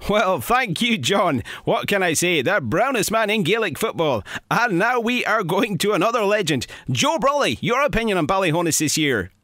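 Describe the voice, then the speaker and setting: An excitable sports presenter, played by a man, announcing every guest like a showbiz event. The voice sits high and swoops a lot. It is recorded close and dry, with no room sound. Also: normal speed, hardly any pauses, no echo, heavily acted. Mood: hyped. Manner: over-the-top showbiz announcing. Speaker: host of a comedy spoof.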